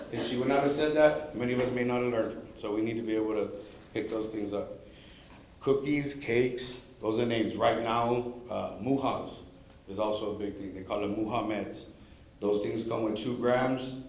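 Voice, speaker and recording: Casting: man, mid pitch, easygoing storyteller presenting to parents, heavy room echo. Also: a little mellow. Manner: storytelling, acting out quoted speech. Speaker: drug prevention presenter. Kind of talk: informal school presentation.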